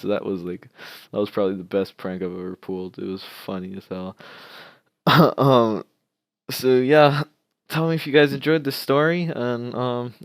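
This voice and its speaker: A man's voice: fairly low pitch, dry recording. Young man rambling through a prank story. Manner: laughing, rambling with many fillers. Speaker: vlogger. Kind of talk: casual storytelling.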